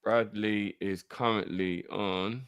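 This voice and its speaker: A man's voice: fairly low pitch, fairly even intonation, slow pace, a bit bright, clear, resonant tone, dry recording, clean studio sound. A man co-hosting a fan channel, arguing about player wages in casual chat. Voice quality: argumentative, checking facts.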